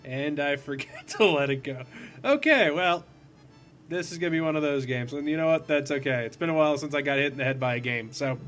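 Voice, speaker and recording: A man's voice: on the high side, brisk, fairly bright tone, soft background music. A man hosting a casual let's-play, rambling and goofy and poking fun at himself while he plays a puzzle platformer. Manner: goofy, rambling, self-deprecating. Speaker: gaming video host.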